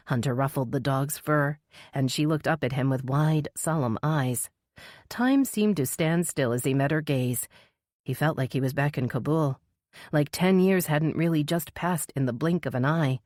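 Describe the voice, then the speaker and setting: Very deep-voiced woman narrator. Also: moderate pace, a little mellow, no echo, studio quality. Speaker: audiobook narrator. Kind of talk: scripted narration.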